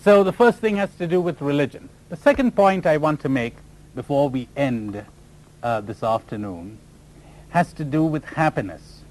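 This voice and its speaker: Animated spiritual teacher telling stories. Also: male voice, on the high side, normal speed, rough recording. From India. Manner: animated storyteller, laughs at own jokes. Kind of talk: spiritual lecture with storytelling.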